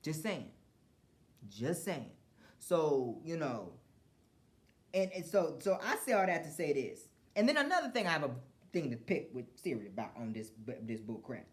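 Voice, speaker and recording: A podcast host venting in a casual, rambling rant full of restarts and profanity. The voice drops to low mutters and then flares into loud, heated outbursts. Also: sing-song, moderate pace.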